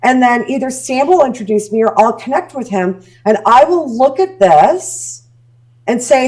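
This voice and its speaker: A woman from Canada with a somewhat high voice talks in a casual interview. She is blunt and animated, and she acts out the messages she quotes. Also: a little slow. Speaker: guest, speaking coach.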